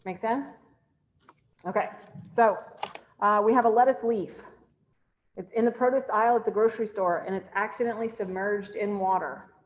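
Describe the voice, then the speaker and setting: A woman gives a chemistry lecture over a video call. She talks in a chatty way, asking the class questions and then answering them herself. Her voice sits at an ordinary pitch, and the audio is a little dull and lo-fi. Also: fairly even intonation, normal speed, pauses often. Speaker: chemistry instructor. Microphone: computer mic on a video call.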